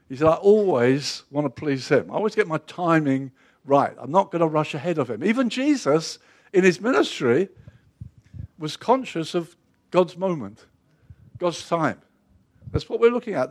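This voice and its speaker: A male preacher with a somewhat high voice tells Bible stories in a lively way. He slips into the figures' voices and then drops soft and quiet to press his points home. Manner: storytelling, acts out biblical figures in lively quoted voices. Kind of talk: sermon.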